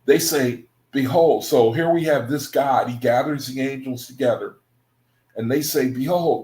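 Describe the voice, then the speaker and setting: A man reads scripture aloud and talks it over in a loose, conversational way, often chuckling and tossing in "man" and "you know." His voice sits at an ordinary middle pitch. The recording has a noticeably echoey room sound. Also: measured pace, a little mellow. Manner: laid-back, laughs often, says "man" and "you know". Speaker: religious study group reader. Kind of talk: casual scripture reading with commentary.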